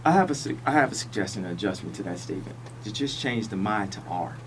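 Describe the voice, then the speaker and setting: A man speaking as a radio interview guest, talking in slow, halting phrases that he often restarts. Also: fairly low pitch, lively intonation, distant mic, slight background noise, rough recording.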